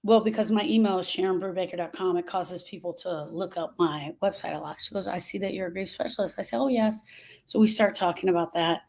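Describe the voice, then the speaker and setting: Give me a middle-aged woman talking to her followers, earnest and confiding, unhurried on the heavy parts. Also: on the low side, creaky, a little mellow. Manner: earnest, confiding, slows down on emotional points. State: emotional, short of breath at moments. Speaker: grief specialist. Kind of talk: personal talk to followers.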